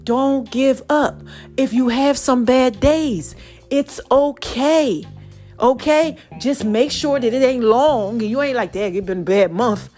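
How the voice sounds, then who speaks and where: A tired woman hosting a podcast from Brooklyn, giving an animated, preachy motivational talk in a slangy voice that speaks straight to the listener. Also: a little high, a little slow, faint music behind. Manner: animated and preachy, with slangy direct address and sung snatches. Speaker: podcast host.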